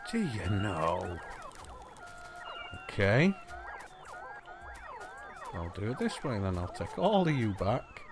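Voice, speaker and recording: A man with a lowish voice talks through his gameplay in a relaxed, unhurried way, his pitch swinging up and down as he chats. He mutters asides and talks to the things on screen as he goes. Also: over music. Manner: chatty, talks to the game objects, mutters asides. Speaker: let's play host. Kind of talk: casual gameplay commentary.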